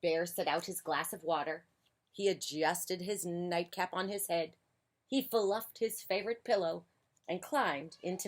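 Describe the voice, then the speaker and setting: A woman reading a children's picture book aloud on a porch, animated and playful. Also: on the low side, unhurried. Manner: animated, playful, drops to a hush for quiet moments. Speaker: children's story reader. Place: outdoor porch.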